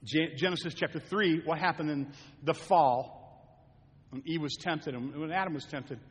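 Older man, pastor, sermon, husky voice, conversational to fervent, long church reverb. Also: a little high, moderate pace. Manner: conversational preaching, rising to fervent exhortation. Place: church sanctuary.

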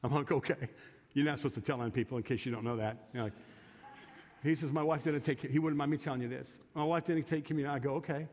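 Man, pastor, somewhat high voice, folksy story-led preaching, church reverb. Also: fast, darkish tone. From United States. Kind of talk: sermon. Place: church sanctuary.

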